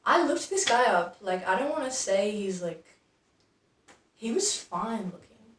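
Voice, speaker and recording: A woman's voice: medium pitch, sing-song, a little slow, fairly bright tone, far from the mic. A chatty Australian woman hosting a quiz video, with wry commentary that often swears. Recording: echoey room, mic set back.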